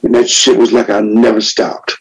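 A man's voice: mid-range voice, level tone, normal speed, husky, low-quality recording. A middle-aged man sharing his story at a recovery meeting, blunt and profane, turning impassioned and preachy. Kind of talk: spoken share.

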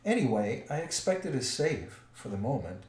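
A man's voice: medium pitch, big pitch swings, moderate pace, a little mellow, close to an everyday voice. Man doing an old dwarf, dutiful, matter-of-fact, echoey recording. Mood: willing. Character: dutiful older male dwarf. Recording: roomy echo.

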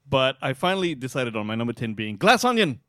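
Man from Australia, podcast co-host, lively swinging delivery, blunt and profane. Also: medium pitch, quick pace, dry recording, studio quality. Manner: animated, swears freely, laughs often. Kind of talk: casual film podcast chat.

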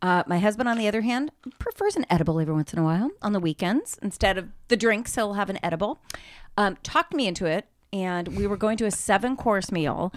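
Animated, lively middle-aged woman storyteller. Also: mid-range voice, quick pace, no echo, clean studio sound. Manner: animated, swearing, laughing while telling stories. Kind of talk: casual chat.

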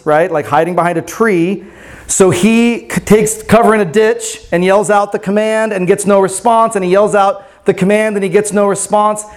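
A pastor with a fairly high, darkish-toned voice tells a story to his congregation during a sermon. Rather than preaching formally, he keeps it casual and conversational, often checking in with "right?"

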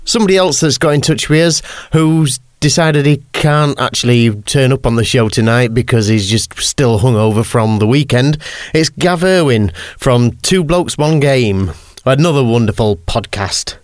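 A man's voice: mid-range voice, moderate pace. A man with a mid-range voice hosts a casual podcast. He is jokey and laughs easily as he chats with co-hosts and reads out listener emails. The sound is dry and close, with no room echo. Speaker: podcast host.

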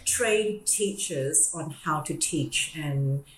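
A woman's voice: low-pitched, takes it slowly, a little hiss or hum. Chatty Australian woman podcast host. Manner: lively, laughs often, self-deprecating. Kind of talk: casual explanatory chat. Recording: roomy echoey room.

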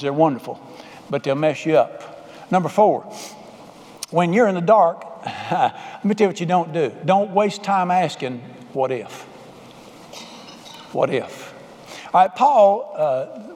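In a church sanctuary thick with long hall reverb, a preacher with a fairly high, darkish-toned voice calls out to his congregation for amens. His sermon is folksy and emphatic, built on call-and-response.

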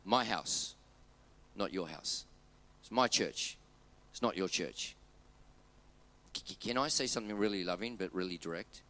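A man preaching a sermon as pastor, emphatic, repeating key phrases and dropping low and quiet on his main points. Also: expressive, measured pace, long pauses.

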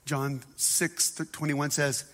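A man preaching a sermon as a pastor, animated and dramatic, acting out scripture voices and dropping to hushed tones. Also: fairly high pitch, takes it slowly. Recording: long hall reverb.

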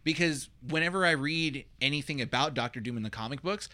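A man's voice: fairly high pitch, a little fast, sharp tone. Playful man in casual chat. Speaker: podcast co-host.

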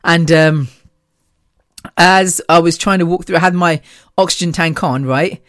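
A woman's voice: on the low side, unhurried, fairly bright tone, no echo, clean studio sound. Gushing, chatty woman podcaster. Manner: gushing and chatty, with frequent laughs. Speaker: podcast host. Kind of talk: casual monologue.

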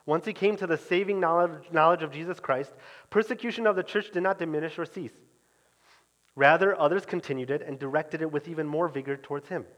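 A man preaching in an earnest, emphatic way, his voice sitting a little high for a man. His phrase endings sink to near quiet. A long reverb from the church hall trails each line. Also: a little fast. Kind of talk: sermon.

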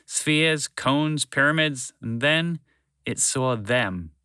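A man narrating a children's fantasy story in an expressive read-aloud manner. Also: mid-range voice, takes it slowly, clean tone, no echo.

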